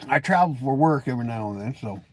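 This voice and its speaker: Folksy grumpy man with a lively voice. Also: fast, slight background noise. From Washington state. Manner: folksy, self-described grumpy, joking; lively pitch swings, mimics voices in anecdotes. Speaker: live stream host. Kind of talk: casual rambling live stream chat.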